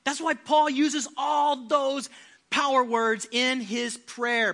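Man preaching, very high voice, sharp and bright, passionate. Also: little pitch movement, takes it slowly. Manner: passionate, rising to shouts. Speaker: pastor. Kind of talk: sermon.

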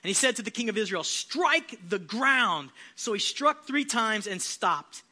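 A male pastor preaching a passionate sermon, building to loud, emphatic shouts. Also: high voice, sing-song, unhurried.

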